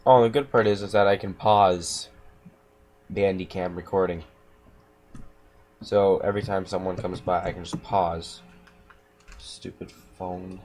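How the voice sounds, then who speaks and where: Playing a game at home, a man mumbles and talks to himself in casual commentary. His voice is low and a little mellow, with fairly even intonation, a normal pace, and long pauses. The home-room recording is noisy, with keyboard clicks audible.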